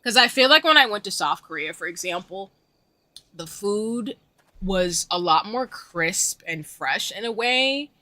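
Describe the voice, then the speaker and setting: A woman chats casually while she plays, talking back to her viewers in loose, slangy speech. Her voice is bright and sharp, and her pitch swings up and down through every sentence. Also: animated, unhurried, dry recording. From United States. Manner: chatty and slangy, reading chat aloud. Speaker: streamer. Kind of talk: casual chat while playing a game.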